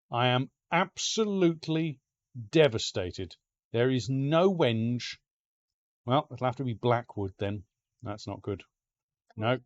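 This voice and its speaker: A man giving let's-play gameplay commentary as a streamer, excitable, swearing and talking to the game's pets. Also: mid-range voice, no echo, dull audio.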